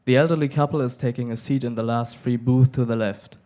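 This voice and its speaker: A young man reads a short story aloud at a live event. His delivery is relaxed and conversational, in an ordinary mid-range voice. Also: medium pitch, fairly quick. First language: German. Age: young adult. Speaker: reader. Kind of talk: literary reading.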